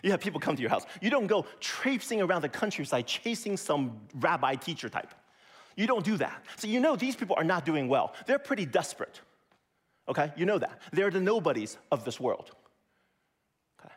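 A man preaching with a husky, slightly raised voice. His delivery is animated, with lots of rise and fall as he teaches. He talks to his listeners like a chatty teacher, asking "right?" and "okay?" as he goes. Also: on the high side, fairly quick. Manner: lively, conversational preaching with frequent "okay?" and "right?". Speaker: pastor. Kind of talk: sermon.

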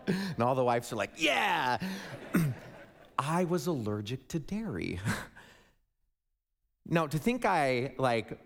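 A young man from Wisconsin giving a humorous storytelling sermon, playful and jokey with asides to the audience. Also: medium pitch. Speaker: speaker addressing a congregation. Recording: long reverb of a large hall.

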